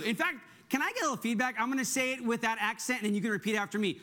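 Upbeat high-voiced male pastor. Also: fast. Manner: energetic, conversational, asks the congregation "right?". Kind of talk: sermon.

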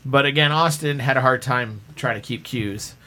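A man's voice: medium pitch, moderate pace, sharp tone. Rambling, self-deprecating male podcast host. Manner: rambling storytelling with frequent restarts. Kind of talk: casual podcast chat.

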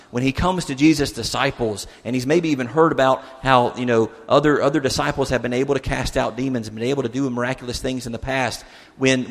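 A male pastor giving a conversational sermon, putting rhetorical questions to his listeners. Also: mid-range voice. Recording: long hall reverb.

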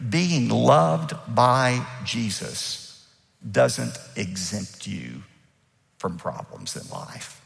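Pastor, male, emphatic sermon delivery with a lively rising and falling pitch, long echo of a big church hall. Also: gravelly. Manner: emphatic preaching, acts out quoted speech.

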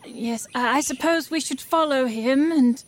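A woman's voice: high-pitched, unhurried, slight background noise. A woman playing a character in a tabletop game, speaking in a hesitant, slightly formal way. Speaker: player.

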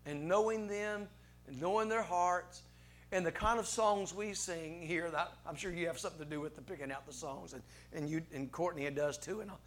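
A man preaches from the pulpit in a high voice. He builds to loud, impassioned peaks, then drops soft and earnest, often repeating his words. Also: expressive, moderate pace. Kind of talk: farewell sermon and prayer.

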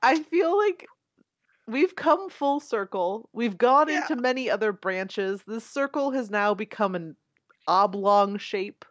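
A woman co-hosting a podcast, talking in an animated, opinionated way. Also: on the high side, slow, dry recording, clean studio sound. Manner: animated and opinionated, laughs often. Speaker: podcast co-host. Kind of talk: casual podcast chat.

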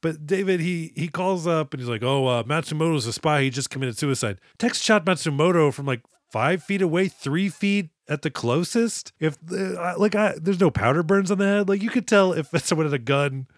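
A man's voice: a little high, moderate pace, hardly any pauses, dry recording, clean studio sound. A man co-hosting a podcast, retelling a movie in a casual, profane and laughing way. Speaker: podcast co-host. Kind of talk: casual movie-review chat.

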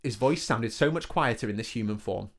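A man's voice: mid-range voice, expressive, a little fast. Guy reading out a silly fantasy tale, jokey storyteller vibe. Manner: joking, laughs between lines.

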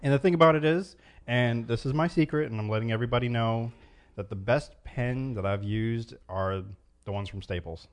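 A man's voice: mid-range voice, moderate pace. A man co-hosting a podcast in casual, rambling chat, chuckling often. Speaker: podcast co-host.

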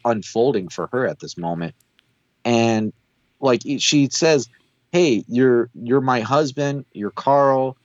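A man's voice: mid-range voice, no echo, lo-fi sound. A man co-hosting a podcast, animatedly recapping a TV episode and acting out what the characters say. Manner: animated storyteller who acts out quoted lines. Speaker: podcast co-host. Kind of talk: casual chat recapping a TV episode.

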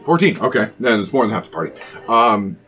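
A man's voice: lowish voice, very animated, brisk, a bit bright, faint music behind. A man narrating a tabletop game as game master, hesitant and full of fillers.

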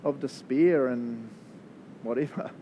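A man with a New Zealand accent, preaching a sermon and praying in a chatty, animated way that often breaks into laughs. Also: medium pitch, takes it slowly, lo-fi sound, a little hiss or hum. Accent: New Zealand English. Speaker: pastor. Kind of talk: sermon with prayer.

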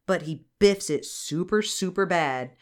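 A woman's voice: on the low side, measured pace. A woman co-hosting a podcast, recapping a cartoon film in casual chat, laughing, swearing and acting out scenes in silly voices. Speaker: podcast co-host.

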